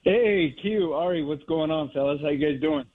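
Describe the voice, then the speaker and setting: A middle-aged man from the Monterey Bay area calling into a radio show, talking in a heartfelt, slow and reflective way. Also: on the high side. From Monterey Bay area, California. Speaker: caller. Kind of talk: call-in reminiscing. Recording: tinny phone line.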